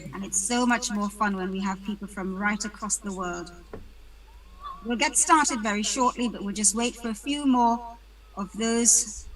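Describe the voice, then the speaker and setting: Female webinar host from the UK, chatty and welcoming on a video call, bright tone. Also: mid-range voice, rough recording. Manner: chatty, greets attendees by name, self-deprecating jokes.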